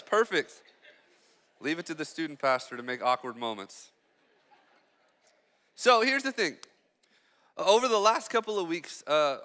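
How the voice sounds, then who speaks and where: A young man preaching as a student pastor, chatty and joking with quick asides to the congregation. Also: medium pitch, pushed and bright, in a large hall. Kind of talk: sermon. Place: church hall.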